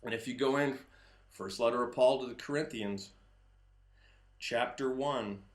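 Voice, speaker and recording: A man hosting a political commentary monologue, talking emphatically and sometimes breaking into shouts. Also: mid-range voice, measured pace. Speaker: host. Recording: roomy echo.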